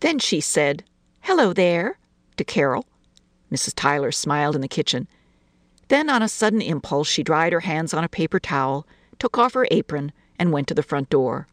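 A woman narrating a short story in an expressive, lilting reading voice. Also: sits low, moderate pace, dry recording, clean studio sound.

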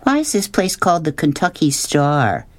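Man doing a small stubborn girl, blunt and nosy, pitched higher, storybook. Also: wildly swooping pitch, moderate pace, dry recording. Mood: probing. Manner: blunt, questioning.

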